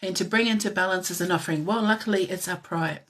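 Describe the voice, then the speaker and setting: A woman giving a live-stream tarot reading in a soft, musing way that drifts into whispers, with frequent light laughs. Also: on the low side, fast, a little hiss or hum. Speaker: tarot reader.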